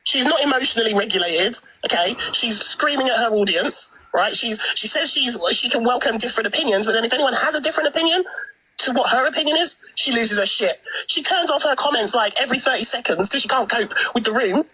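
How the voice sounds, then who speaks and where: A woman's voice: a little high, lively intonation, bright, forceful tone, slightly rough, poor audio. A woman in a played clip, venting indignantly at another streamer. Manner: indignant and quick. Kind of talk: venting to camera.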